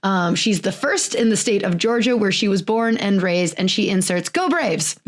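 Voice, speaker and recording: A woman's voice: medium pitch, moderate pace. A woman in her thirties hosting a podcast, talking in a chatty, rambling way, with frequent "like"s and little laughs. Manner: laughs often while talking. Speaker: podcast host. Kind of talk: casual chat.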